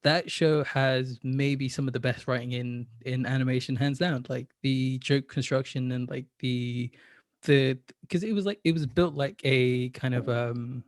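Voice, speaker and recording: A man's voice: medium pitch, steady tone, measured pace, no room sound, clean studio sound. A man in casual podcast chat who talks enthusiastically about animation, with many "like" fillers.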